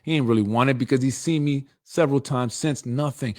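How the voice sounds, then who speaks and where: A man's voice: mid-range voice, brisk, a little mellow. A middle-aged man hosting a political show, delivering a blunt, confrontational, streetwise monologue. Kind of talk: heated monologue.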